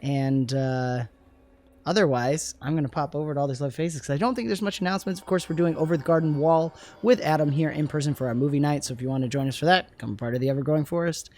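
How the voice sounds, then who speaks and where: A man hosting a tabletop game livestream from a studio, upbeat and laughing often between quick asides. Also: a little high, a little mellow. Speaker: host. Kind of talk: livestream game intro chat. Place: gaming studio.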